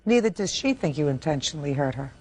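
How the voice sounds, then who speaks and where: Brief: fast, no-nonsense female TV judge, lowish voice, sharp questions. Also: animated, a little hiss or hum. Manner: brisk, blunt, cuts people off. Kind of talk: courtroom questioning.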